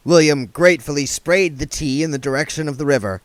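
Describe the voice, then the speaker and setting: A man reading a novel aloud with expressive narration. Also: fairly high pitch, a little fast, hardly any pauses, no room sound. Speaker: audiobook reader. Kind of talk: book read aloud.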